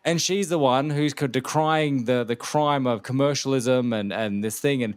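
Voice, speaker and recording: A man's voice: medium pitch, normal speed, hardly any pauses, clean tone, no echo. An Australian man in his forties, hosting a casual political chat and rambling with many restarts. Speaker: podcast host.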